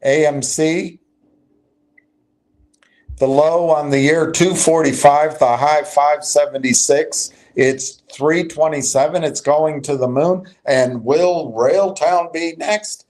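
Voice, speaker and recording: A man's voice: on the high side, steady tone, slow pace, darkish tone. A man hosting a live stream, giving emphatic, agitated stock market commentary and answering chat. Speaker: livestream host.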